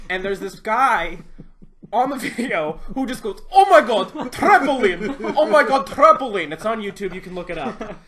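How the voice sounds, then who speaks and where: A young man chatting on a podcast, telling a story in an animated way and laughing as he talks. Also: high-pitched. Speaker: podcast guest. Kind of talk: casual podcast chat.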